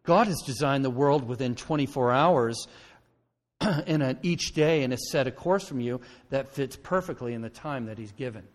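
A male pastor delivers a sermon in a conversational way, pausing often to check in with the congregation. His voice sits at an ordinary middle pitch. The sound carries a long reverb from the church hall. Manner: conversational preaching, frequent "okay?" check-ins. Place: church sanctuary.

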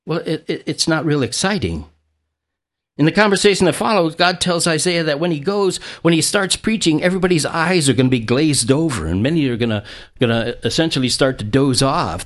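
A man preaching a sermon, reading scripture and retelling it in an animated way, with frequent restarts and small chuckles. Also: brisk. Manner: animated, acts out quotes with a jumping pitch; stammering restarts, chuckles now and then. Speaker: pastor.

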